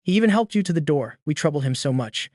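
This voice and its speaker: A woman's voice: deep voice, expressive, fast talker, darkish tone, no echo, clean studio sound. A man voicing a stern middle-aged mother who nags and scolds her son, in an audio story. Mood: scolding. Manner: nagging, scolding.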